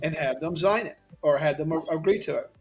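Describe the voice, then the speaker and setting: Practical man with a slightly higher voice. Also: a little fast, faint music behind. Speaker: co-host of salon business show. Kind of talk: casual advice chat.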